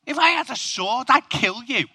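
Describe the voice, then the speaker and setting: A man's voice: very high voice, lively intonation, moderate pace, pushed and bright, slightly rough, no echo, pitched above the performer's own voice, full character voice. A man doing an angry prophet. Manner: heated and accusing. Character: angry threatening ancient male prophet.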